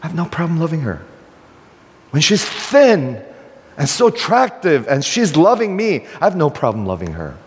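A man's voice: fairly high pitch, huge pitch swings, normal speed. Emphatic preacher man in a reverberant hall. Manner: emphatic, questioning, rhetorical preaching. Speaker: pastor. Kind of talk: sermon.

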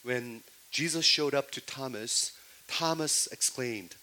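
A middle-aged male pastor delivers a sermon, throwing rhetorical questions at the congregation and shifting between loud emphasis and hushed lines. His English has non-native phrasing and restarts. His voice sits a little high at normal speed, and the audio quality is poor.

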